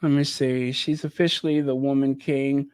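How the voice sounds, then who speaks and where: Delivered flatly at a normal speed, the voice of this male channel host sits at medium pitch and comes across a little mellow and smooth. He talks straight to viewers in casual live reaction commentary, thinking aloud as he chats.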